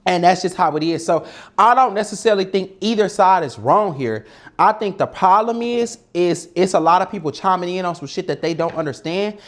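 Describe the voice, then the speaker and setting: A man's voice: high-pitched, a little fast. A man from Detroit hosting a casual cooking show, talking bluntly and swearing a lot, muttering to himself at the stove. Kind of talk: casual talk while cooking. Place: home kitchen.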